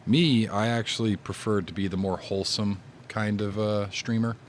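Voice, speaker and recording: Deep voiced gamer guy rambling on bout streaming tips, lil hiss in the background. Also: steady tone, moderate pace. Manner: rambling, repeats words, laid-back. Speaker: gaming streamer. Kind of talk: casual advice chat.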